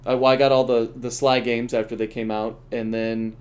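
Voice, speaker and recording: This is a middle-aged man talking loosely as he streams a game. He laughs easily, restarts his sentences and keeps the chat relaxed. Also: medium pitch, normal speed. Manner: chatty, laughs often, trails off in restarts. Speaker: streamer and voice actor. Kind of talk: casual chat while playing a game.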